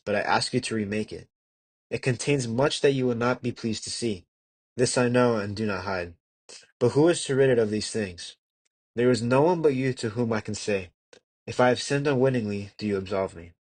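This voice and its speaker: A young man with a fairly low voice reads an old devotional text as an amateur audiobook. His delivery is measured and earnest, stumbling now and then and restarting a word. The close, dry recording has almost no room sound. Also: dry recording. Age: young adult. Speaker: audiobook reader.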